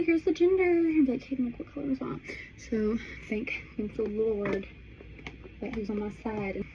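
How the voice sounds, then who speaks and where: A woman's voice: fairly high pitch, lo-fi sound, noisy background. A young woman telling a story to her vlog audience in a chatty way, with "like" in nearly every phrase. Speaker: vlogger. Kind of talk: casual storytime chat.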